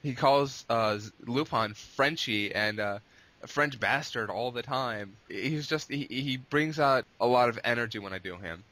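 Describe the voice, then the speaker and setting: A man's voice: medium pitch, unhurried, bright, forceful tone. A man answering interview questions in a casual, long-winded way, rambling and restarting his sentences. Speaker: guest, abridged series creator.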